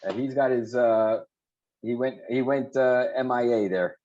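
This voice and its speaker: A man's voice: mid-range voice, a little slow, dark tone, highs cut off. A man co-hosting an online talk show on a video call, upbeat and encouraging, often repeating his words. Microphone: video call audio.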